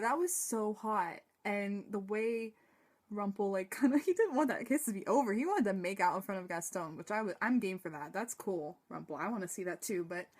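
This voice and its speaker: A young woman gives a casual, rambling review of a TV episode, excitable and sighing, laughing and swearing as she talks. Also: mid-range voice. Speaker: TV fan reviewer.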